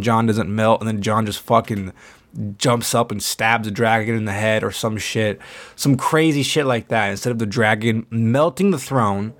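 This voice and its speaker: Exasperated man ranting on his podcast. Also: medium pitch. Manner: exasperated, profane, rambling. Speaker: podcast host. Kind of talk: casual solo podcast rant.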